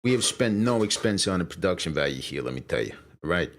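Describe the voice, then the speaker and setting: A man's voice: deep voice, big pitch swings, quick pace, a little hiss or hum. A man hosting his own live stream in casual chat, loose and profane as he talks straight to his viewers. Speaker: streamer and show host.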